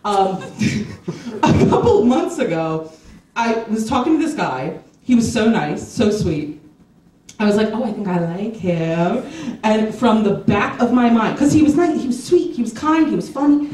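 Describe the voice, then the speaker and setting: A woman's voice: a little high, very animated, moderate pace, warm tone, a little hiss or hum. A woman doing a stand-up set, mocking herself and laughing at her own lines. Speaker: stand-up comedian. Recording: echoey club from far off.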